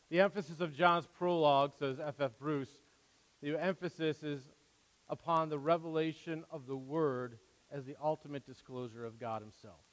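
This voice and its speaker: A man preaching a sermon as pastor, earnest, with emphatic rises and quieter asides. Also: medium pitch. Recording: long hall reverb.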